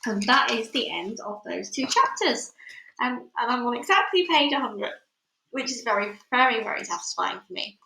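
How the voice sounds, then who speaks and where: A woman reads a children's novel aloud in a fairly high voice, telling the story clearly. When she signs off she turns chatty and hesitant, and a roomy echo hangs around her voice. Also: animated, moderate pace, sharp tone. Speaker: audiobook reader. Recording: roomy echoey room.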